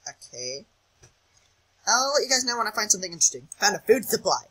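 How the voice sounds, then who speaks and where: A man's voice: high-pitched, big pitch swings, fast talker, pushed and bright, breathy edge, rough recording. A young man giving casual commentary over a video game, jittery and self-mocking, often chanting words over and over in a sing-song. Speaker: gaming channel host.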